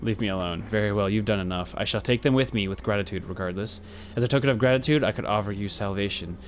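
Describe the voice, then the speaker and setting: A man's voice: fairly low pitch, quick pace, slight background noise, voice pushed down, close to an everyday voice. A man voicing a solemn male cult leader, preaching about death in a grave, archaic way, with faint game music behind. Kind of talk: reading game dialogue aloud.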